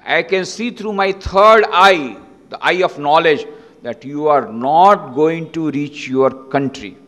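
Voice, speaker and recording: A fearless old holy man, as a lecturer puts him on, declaiming in a high, ringing voice full of scorn. The sound carries a long hall reverb. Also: normal speed, fairly bright tone, close to an everyday voice. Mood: scornful. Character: fearless laughing old male sage, defiant.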